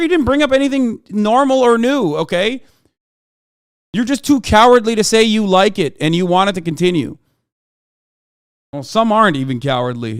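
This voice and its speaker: A man's voice: sits high, smooth, no echo, studio quality. Heated, profane man ranting on stream. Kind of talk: live-stream reaction rant.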